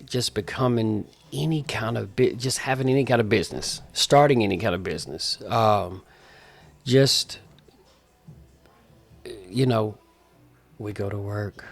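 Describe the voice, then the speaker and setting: A man's voice: lowish voice, gravelly. A man in his forties talking casually to camera in an emphatic, repetitive, preachy way. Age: 40s. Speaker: vlogger.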